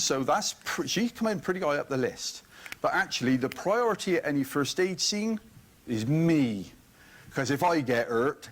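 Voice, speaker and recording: A man, giving an animated, joking motivational talk at a conference. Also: a little high. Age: 50s. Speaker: conference speaker. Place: conference hall.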